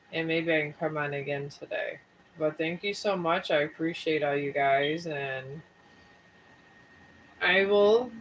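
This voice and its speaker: A woman's voice: deep voice, lo-fi sound, a little hiss or hum. Folksy rambling woman live-streaming. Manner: rambling and folksy, talks straight to viewers. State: sore throat and tired. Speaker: live streamer and tarot reader. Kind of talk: casual live-stream chat.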